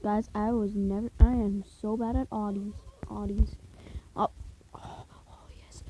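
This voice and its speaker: Goofy, unhurried woman gamer. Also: mid-range voice, little pitch movement, warm tone, a little hiss or hum, poor audio. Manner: playful and goofy, prone to outbursts and silly singing. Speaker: gaming YouTuber. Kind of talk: casual gameplay commentary.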